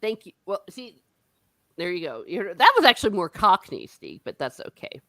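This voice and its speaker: A woman's voice: on the low side, big pitch swings, normal speed, fairly bright tone, dry recording. A woman hosting a casual book discussion, rambling with frequent fillers and laughing often. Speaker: host of a book discussion show. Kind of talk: casual chat.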